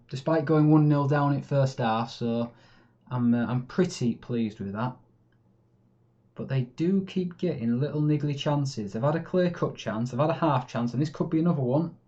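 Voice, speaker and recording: A man talks over his own game, narrating plays as they happen in a chatty, easily frustrated way. His voice sits at an average pitch with a mellow, dark tone. The recording is a bit muffled and lo-fi, like a basic home mic. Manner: chatty, swings between calm and exasperated. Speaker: gaming YouTuber. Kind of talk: live game commentary.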